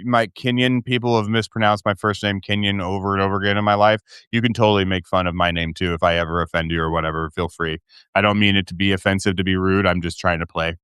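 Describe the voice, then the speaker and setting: A man's voice: fairly low pitch, fairly bright tone, clear, resonant tone, dry recording, clean studio sound. A man hosting his own live stream, ranting heatedly and profanely, with many restarts. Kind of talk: casual live-stream rant.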